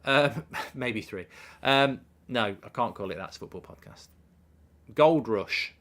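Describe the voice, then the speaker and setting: A man hosting a live football watchalong, rambling and self-mocking as he chats, often dropping into a quiet mumble. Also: mid-range voice, lively intonation, slow pace. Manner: rambling, self-mocking, riffs on ideas and reads out viewer messages. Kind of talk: casual live commentary and chat reading.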